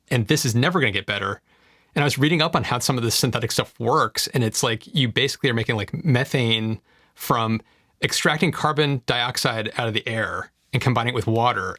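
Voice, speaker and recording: A man's voice: medium pitch, sharp tone, no room sound, studio quality. A man co-hosting a tech podcast, speaking emphatically and with strong opinions. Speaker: podcast co-host. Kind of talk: casual tech chat.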